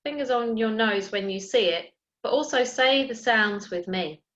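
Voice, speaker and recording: A woman teaching an early years phonics lesson, sounding out letters slowly and clearly and encouraging young children. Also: on the high side, a bit bright, muffled recording. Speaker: primary school teacher.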